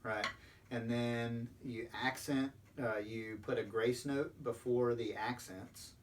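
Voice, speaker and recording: A man's voice: medium pitch, steady tone, slow pace. A man explaining drum rudiments step by step as a percussion instructor, patient and sprinkling in ums. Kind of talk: recorded instructional lesson. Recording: distant mic with faint background noise.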